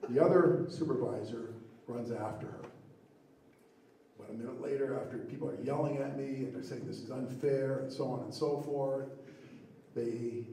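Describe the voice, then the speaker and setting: A middle-aged man telling a comic story of his own at a live storytelling show, animated and laughing at his own prank. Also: medium pitch, gravelly, heavy reverb, recorded from a distance, a little hiss or hum, low-quality recording.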